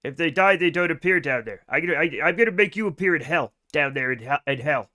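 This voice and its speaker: A man streams a game live, talking to his chat in an animated, joking way with casual swearing. His voice sits high and sounds bright and forward. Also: fast.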